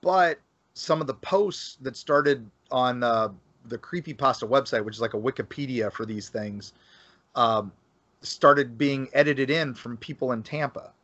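On a dull, dry lo-fi recording, a Florida man guesting on a casual podcast rambles about local folklore with frequent fillers and restarts. His mid-range voice is fairly bright, and his pace is a little slow.

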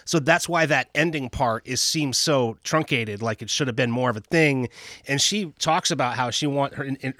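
A man's voice: mid-range voice, fairly bright tone, no echo, studio quality. A man hosting a podcast, chatting casually in long rambling turns that restart often. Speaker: podcast host. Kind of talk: casual chat.

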